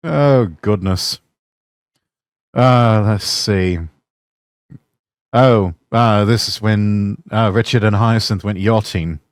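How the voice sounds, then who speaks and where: A man hosting a casual commentary, fondly rambling over clips between chuckles. His voice is low, unhurried and lively in pitch. The sound is dry and close. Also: dry recording. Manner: fond, rambling, chuckling asides. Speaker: host.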